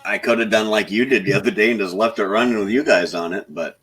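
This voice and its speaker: A man with a Southern drawl, co-hosting a live stream in slow, easygoing casual chat. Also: fairly low pitch, fairly bright tone, slightly rough. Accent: American Southern drawl.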